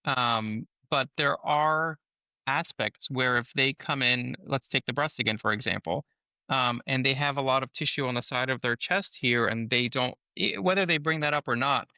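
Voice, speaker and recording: A man's voice: medium pitch, normal speed, sharp tone, clean tone, no room sound. A man, a surgeon guest on a podcast, explaining things in a patient, educational way.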